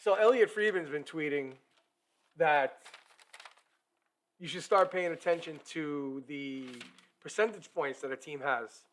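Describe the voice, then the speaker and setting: A man's voice: fairly high pitch, unhurried, pauses often, a bit bright. A man hosting a hockey talk live stream, chatty and upbeat, talking straight to his viewers. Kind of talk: casual live-stream chat.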